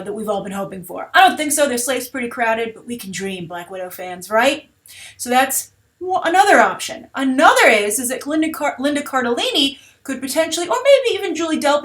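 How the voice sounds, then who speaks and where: A woman hosting a movie news show, talking through her film theories in a chatty, speculative way with frequent filler sounds. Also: a little high. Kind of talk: casual movie commentary.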